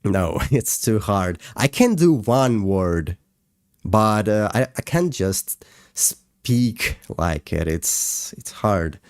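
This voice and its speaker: An animator streams a breakdown of his work, chatting casually and hesitantly with lots of fillers. His voice is on the low side, animated, slow, and a little mellow, with clean studio sound, no room sound, and faint music behind him.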